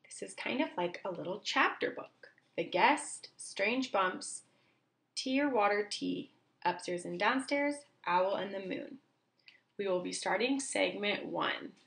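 A woman's voice: mid-range voice, lively intonation, fairly bright tone. Woman reading a picture book aloud. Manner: slow, clear read-aloud pacing for young children.

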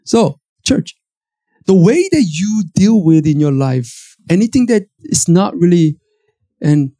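A Korean-accented man preaches a sermon in a church, emphatic and animated, often restarting his phrases. His voice is mellow and warm. The sound is dry and close. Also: sits high, takes it slowly, no echo. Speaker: pastor. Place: church auditorium.

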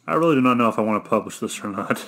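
A young man from Arkansas with an Arkansan accent, rambling through a solo rant in a monotone, blunt and cynical, often correcting himself. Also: on the low side, very fast. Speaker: vlogger.

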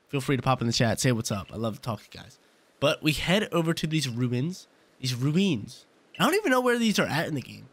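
A man's voice: mid-range voice, fairly bright tone. Laid-back slangy young man gaming. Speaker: gaming channel host. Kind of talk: casual gameplay commentary.

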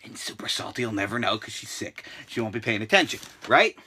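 A man vlogging from a room at home, telling stories in a profane rant that bursts into shouting and drops into hushed asides. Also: lowish voice, sing-song, brisk, breathy edge. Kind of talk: ranting vlog storytelling.

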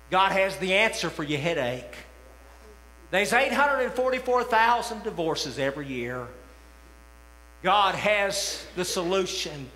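A man preaching a sermon as pastor, impassioned and rising to shouts, recorded in a church sanctuary. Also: high voice. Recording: echoey church hall with long reverb.

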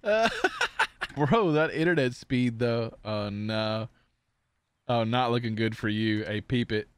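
A young man streaming a shooter game, giving live gameplay commentary with playful taunts and sudden excited yells. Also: mid-range voice, a little slow, clear, resonant tone, dry recording. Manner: excitable, taunting banter with bursts of yelling. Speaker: gaming streamer.

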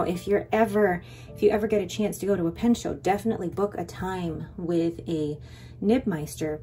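A young adult woman talks through her purchases in an eager, rambling vlog voice, a little low in pitch. Faint music plays underneath her. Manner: chatty and excited, rambling with quick asides. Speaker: vlogger. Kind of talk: casual haul vlog.

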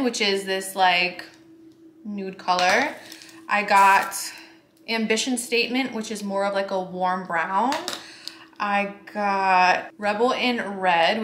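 A woman's voice: medium pitch, sharp tone, a little hiss or hum. A young woman in her twenties chatting bubbly and straight to camera in a casual lifestyle vlog. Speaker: beauty and lifestyle vlogger. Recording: echoey room, faint ambience.

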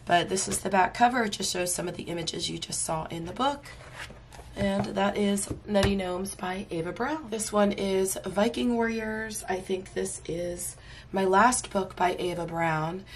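A woman's voice: medium pitch, a little slow, a little hiss or hum. A woman host giving a casual book flip-through, laughing often and exclaiming in amusement, her voice strained because talking hurts while she is unwell. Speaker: coloring book reviewer.

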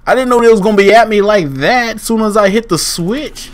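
A young man streaming a horror game, excitable, yelping and pleading with the enemies. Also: high-pitched, a little fast, slight background noise. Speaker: gaming streamer. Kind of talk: let's play commentary. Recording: game music behind voice. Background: horror game music.

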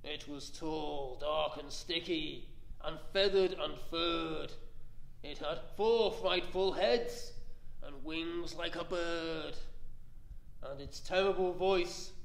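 A man reading a rhyming picture book aloud in a slow, rhythmic delivery. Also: on the high side, vocal fry, echoey room, poor audio. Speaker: library staff reader.

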